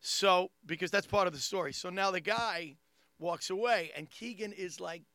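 A man's voice: sits high, normal speed, no room sound, studio quality. A man with a thick Long Island accent, a comedian telling a story in casual chat and acting out the people in it. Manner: animated, acts out people in his stories. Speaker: comedian and podcast host.

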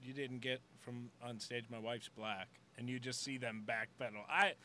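A man's voice: medium pitch, level tone, moderate pace, bright, forceful tone, a little hiss or hum. A man hosting a podcast, chatting casually and laughing often. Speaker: podcast host.

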